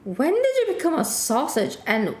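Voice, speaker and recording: A woman's voice: high voice, huge pitch swings, moderate pace, roomy sound. A woman streamer chatting playfully with an AI, teasing it. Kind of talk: casual chat with an AI on stream.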